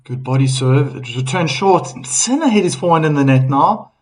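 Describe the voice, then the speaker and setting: A man calling a tennis match live on a stream, chatty and relaxed, reading out viewer comments and laughing now and then. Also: on the high side, fairly quick, rough recording. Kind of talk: casual live play-by-play commentary.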